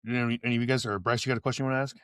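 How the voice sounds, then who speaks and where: A man's voice: medium pitch, fairly even intonation, fairly bright tone, smooth, dry recording, studio quality. A man hosting a podcast, reading out listener questions in casual chat. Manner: quick, reads out listener questions. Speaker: podcast host.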